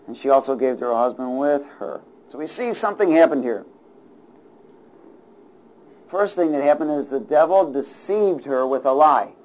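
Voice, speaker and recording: A man's voice: a little high, rough recording. Man preaching with call-and-response asides. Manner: chuckles between points, shifts from hushed to loud. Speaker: pastor. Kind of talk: sermon.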